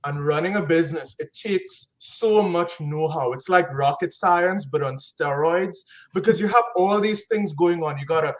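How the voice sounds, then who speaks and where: A man's voice: on the high side, normal speed, few pauses. A man as a podcast guest, talking in an upbeat, casual way full of catchphrases and slang. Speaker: guest, business consultant. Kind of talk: casual interview chat.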